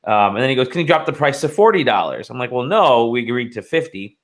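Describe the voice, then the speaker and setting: A man's voice: mid-range voice, expressive, fast, a bit bright. A man co-hosting a casual podcast, rambling through stories with swearing and laughter. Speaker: podcast co-host.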